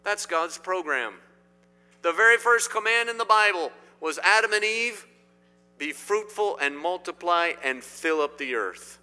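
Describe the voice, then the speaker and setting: Middle-aged male pastor from Indiana, emphatic sermon delivery, slightly high bright tone, long reverb. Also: animated, unhurried, clear, resonant tone. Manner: emphatic, swinging between loud declarations and quiet asides. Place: church sanctuary.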